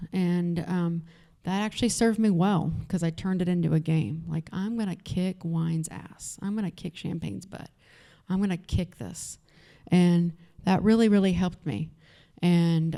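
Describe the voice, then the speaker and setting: Woman with a Texas accent, low and mellow voice, candid personal talk at an event, loose with fillers. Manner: candid, conversational, frequent fillers. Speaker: event speaker. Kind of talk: personal story told to an audience. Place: event venue.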